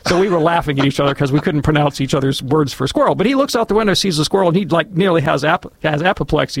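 A man talks in a loose, rambling way, chuckling at his own tangents. His voice is gravelly and a bit high. It is recorded dry and close on a studio mic. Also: fast, few pauses, dry recording. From Alabama, United States. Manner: chatty, digressive, laughs at his own tangents. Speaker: Catholic radio show guest expert. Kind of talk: casual explanatory chat.

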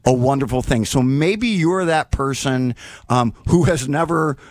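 A man hosting a live radio fundraiser, chatty and excitable, filling his talk with ums and asides, speaking into a studio microphone. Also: mid-range voice, measured pace, no room sound. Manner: excitable, chatty, many fillers. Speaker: radio host.

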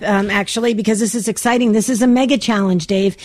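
Female radio co-host, urgent pledge appeal, slightly higher voice. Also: fairly quick. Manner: energetic and urgent, pleading. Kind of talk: live Catholic radio fundraising appeal.

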